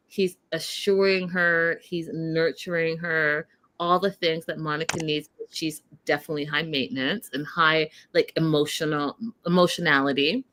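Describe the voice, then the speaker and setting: Woman, show host, bright voice, chatty reality TV recap, speaks to viewers. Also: sits low, normal speed, a little hiss or hum. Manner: animated, addresses viewers directly. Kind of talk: casual reality TV recap chat.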